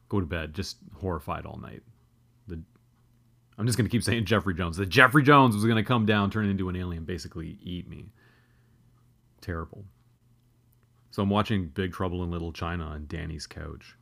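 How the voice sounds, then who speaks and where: A man's voice: deep voice, moderate pace, gravelly, long pauses, a bit bright. A man in his thirties telling a comedic, profane, self-deprecating childhood story as a podcast host.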